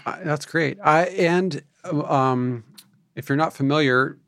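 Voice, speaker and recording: A man's voice: a little high, slow, vocal fry, a bit bright. A man co-hosting a casual podcast, giving candid, joking opinions, with plenty of hesitant fillers. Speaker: podcast co-host. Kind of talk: casual chat.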